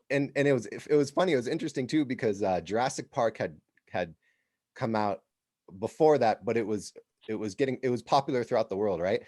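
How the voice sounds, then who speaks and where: Low-voiced American man telling stories. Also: dry recording, clean studio sound. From United States. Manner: animated, laughs while telling stories. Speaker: podcast host. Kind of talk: casual storytelling.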